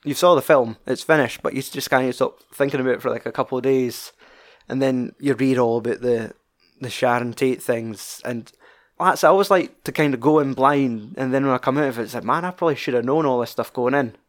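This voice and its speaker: A man's voice: medium pitch, fairly quick, hardly any pauses. Chatty Scottish man rambling about films. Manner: rambling, swears freely, many fillers. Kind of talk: casual film chat.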